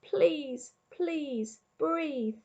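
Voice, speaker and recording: A woman voicing a male toy china rabbit, quiet and aching, his thoughts spoken in a soft, hushed way. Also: very high voice, fairly even intonation, unhurried, vocal fry, highs cut off, voice pushed up, full character voice. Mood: pleading.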